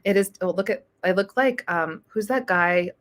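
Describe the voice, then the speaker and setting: A woman in her thirties with a fairly low voice talks through a casual live stream. She coaches viewers on tapping in a relaxed, encouraging way, dropping in plenty of ums along the way. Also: moderate pace. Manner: relaxed, encouraging, chatty with fillers.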